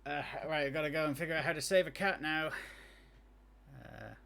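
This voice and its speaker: A man's voice: on the high side, a little fast, vocal fry, a bit bright. A man streaming live gameplay, thinking aloud in a chatty way and adding technical asides about game effects.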